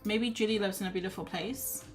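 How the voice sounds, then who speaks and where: A woman's voice: mid-range voice, fairly quick. Chatty woman streamer, faint music behind. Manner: chatty, self-deprecating, thinks aloud while reading chat. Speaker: art streamer. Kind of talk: casual livestream chat.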